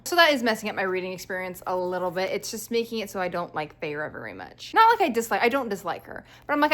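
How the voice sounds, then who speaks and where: A young woman chats to camera about what she is reading, casual and animated. She leans on "like" and slips into playful mock quotes of the characters. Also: on the high side. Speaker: book vlogger.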